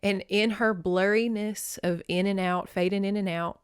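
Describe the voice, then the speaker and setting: A woman's voice: mid-range voice, fairly even intonation, normal speed, smooth, dry recording, studio quality. A woman hosting a podcast, giving a folksy, sentimental recap of a movie and laughing often. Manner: fond and sentimental storytelling. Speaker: podcast host.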